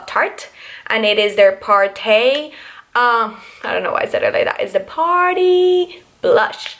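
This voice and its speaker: A woman's voice: medium pitch, vocal fry, fairly bright tone. Chatty young woman doing a makeup tutorial. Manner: chatty, filler-heavy, explaining each step as she goes. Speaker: beauty vlogger.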